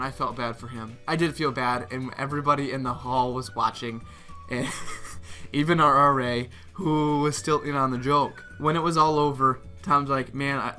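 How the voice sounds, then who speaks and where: A young man casually telling a prank story as a vlogger, laughing often and acting out what others said. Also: medium pitch. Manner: animated, laughs often, reenacts others' lines.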